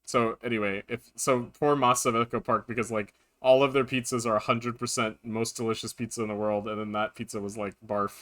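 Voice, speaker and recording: Bright-voiced male streamer telling anecdotes. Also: medium pitch, fairly quick, hardly any pauses. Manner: rambling, animated anecdotes. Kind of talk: casual live-stream gameplay chat.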